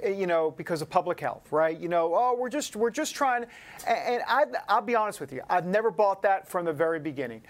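Animated, chatty male talk show host. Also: sits high. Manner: chatty, joking asides, animated. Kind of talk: casual political talk show.

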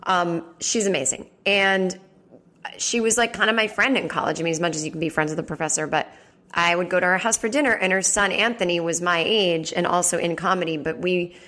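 A woman talks casually on her comedy podcast, her voice sitting a little low. She rambles through stories with plenty of fillers and side tangents. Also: brisk, fairly bright tone. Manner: chatty, rambling, lots of fillers and asides. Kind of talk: casual solo chat. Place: at home.

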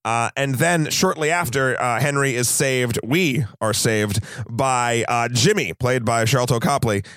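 A man's voice: medium pitch, unhurried, a bit bright, dry recording, clean studio sound. A man from New England with a light local accent, co-hosting a movie podcast in casual chat, retelling scenes and swearing freely. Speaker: podcast co-host.

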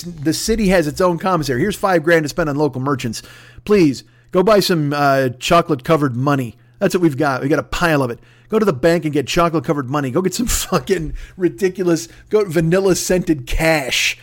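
A man hosting a podcast, ranting angrily and sarcastically with heavy swearing. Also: fairly high pitch. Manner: angry, sarcastic, swearing heavily. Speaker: podcast host. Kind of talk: profane comedic rant.

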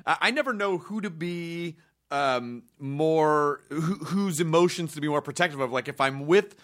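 A man in casual chat, joking and riffing, with halting restarts. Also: fairly high pitch, fairly bright tone. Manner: joking, riffs with mock characters, halting restarts.

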